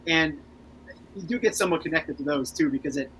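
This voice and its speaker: Fast-talking male co-host, bright tone, friendly chat, faint noise. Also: fairly high pitch, poor audio. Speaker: podcast co-host. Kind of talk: casual chat.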